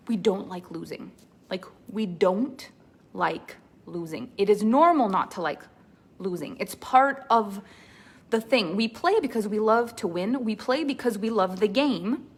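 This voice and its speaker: A woman mentor leading a live online training, greeting viewers by name and then teaching earnestly with lots of repetition. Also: on the high side. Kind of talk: live-stream coaching talk.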